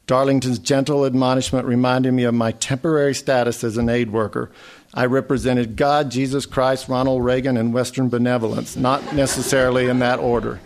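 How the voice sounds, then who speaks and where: A man reading a literary memoir story aloud in a measured way. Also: mid-range voice, level tone. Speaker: narrator.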